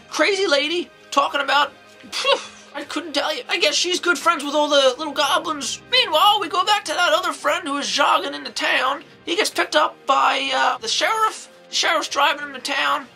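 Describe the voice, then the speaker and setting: A woman playing an eccentric, excitable old nun who reviews horror movies, rambling along with folksy exclamations. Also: high-pitched, gravelly, exaggerated voice. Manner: rambling, folksy exclamations, jumps into acted quotes. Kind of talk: in-character comedic movie review.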